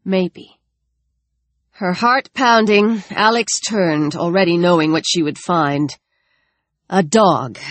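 A woman narrating an audiobook in a measured, even reading voice on a close microphone. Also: fairly low pitch, dry recording.

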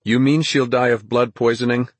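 A man's voice: mid-range voice, fairly even intonation, normal speed, dry recording, pitched above the performer's own voice, lightly acted. A man voicing an earnest, anxious young boy prince in a storybook reading. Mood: urgent.

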